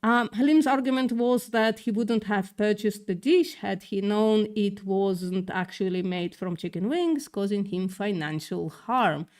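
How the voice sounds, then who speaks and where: Woman, mixed partly British-tinged accent, livestream host, sarcastic news reading, swears and stumbles, middle pitch. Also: a little slow, few pauses, darkish tone. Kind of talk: casual news reading with commentary.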